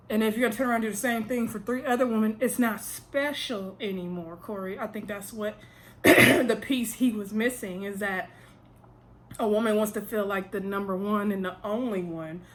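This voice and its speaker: A woman with a slightly high voice talks through a reality show in a casual vlog. She is chatty and emphatic and talks straight to her viewers. A faint hiss sits under her voice. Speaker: reality TV recap vlogger.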